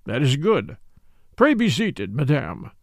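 A man's voice: mid-range voice, huge pitch swings, takes it slowly, no room sound, clean studio sound, exaggerated voice. A man playing a pompous middle-aged French police commissary who speaks in a formal, insistent way.

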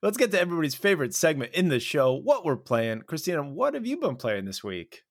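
A man's voice: a little high, big pitch swings, fairly quick, no room sound, clean studio sound. A man co-hosting a podcast, easygoing and jokey, thinking aloud as he chats. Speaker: podcast co-host. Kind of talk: casual chat.

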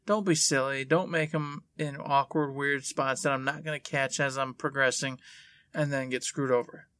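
A man's voice: medium pitch, steady tone, moderate pace, a bit bright, no echo, clean studio sound. A man co-hosting a podcast in casual chat, easygoing and mock-stern at times. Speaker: podcast co-host.

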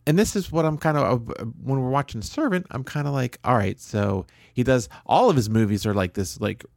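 A man's voice: medium pitch, animated, fairly quick, creaky, darkish tone, dry recording, studio quality. A man co-hosting a podcast, talking in a casual, rambling and blunt way with jokes and restarts. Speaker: podcast co-host. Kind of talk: casual chat.

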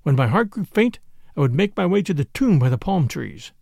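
Gravelly male narrator, lively and grave, close dry studio read. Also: on the high side, a little fast, dry recording. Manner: grave, impassioned storytelling. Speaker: audiobook narrator. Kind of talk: dramatic first-person narration.

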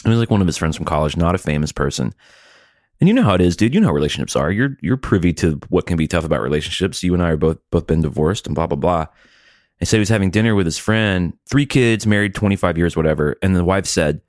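A middle-aged man co-hosting a podcast, chatting casually in rambling, profane, animated stories. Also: low voice, fast, no echo, clean studio sound. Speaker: podcast co-host. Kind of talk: casual chat.

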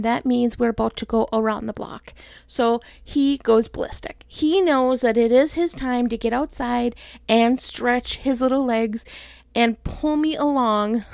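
A woman's voice: a little high, creaky, darkish tone, no echo. A middle-aged woman hosting her own podcast, chatting casually and laughing often into a close mic. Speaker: podcast host. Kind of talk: casual solo podcast chat.

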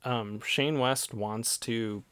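A woman with a strikingly deep, low voice co-hosts a casual podcast and retells movie scenes in a laid-back, agreeable way. Her voice is recorded close and dry, with no room sound. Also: very slow, clear, resonant tone, dry recording. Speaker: podcast co-host. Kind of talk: casual movie-review chat.

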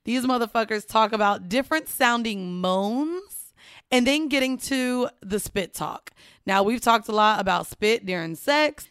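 A woman's voice: fairly high pitch, fairly bright tone, clear, resonant tone, dry recording, clean studio sound. A woman podcast host reading a promo in a casual, profane, upbeat way.

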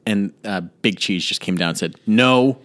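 A man with a fairly low voice joins a casual podcast chat. He sounds playful and amused, and chuckles through his own riffs. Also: fairly even intonation, brisk, sharp tone. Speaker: podcast co-host.

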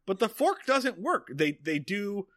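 A man's voice: high voice, very animated, a bit bright, no room sound, clean studio sound. A young man co-hosting a podcast, joking sarcastically while recapping a TV episode. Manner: joking, sarcastic, quick asides. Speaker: podcast co-host. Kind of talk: casual chat recapping a TV episode.

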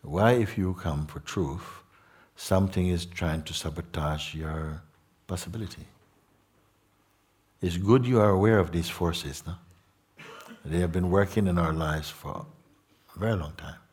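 A spiritual teacher gives a slow, reflective satsang talk to a gathering, his voice low-pitched, a little mellow, and slightly rough. He frequently tags his remarks with "no?" and "hmm?".

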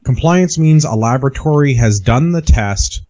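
A man co-hosting a podcast, explaining body armor testing in a measured way with dry humor. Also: medium pitch, expressive, mellow, muffled recording. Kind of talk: casual podcast chat.

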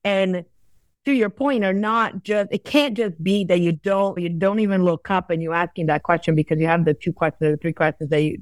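A woman's voice: fairly low pitch, a little mellow, no room sound. A woman consultant explaining her views as a guest in a casual interview, often repeating words and restarting sentences. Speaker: customer experience consultant guest.

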